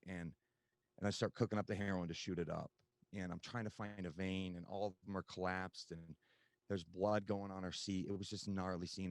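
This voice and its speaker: A man's voice: low-pitched, no room sound. A man telling his recovery story as a podcast guest, candid and conversational with frequent fillers.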